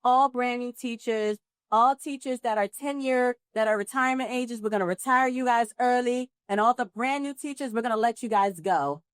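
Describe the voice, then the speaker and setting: A woman from New Jersey, a guest actress telling her story in a live interview, with lively acted-out dialogue. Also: on the high side, moderate pace, smooth, no echo, studio quality. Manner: animated, acts out dialogue with laughs and exclamations. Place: live pop-up event at a film festival.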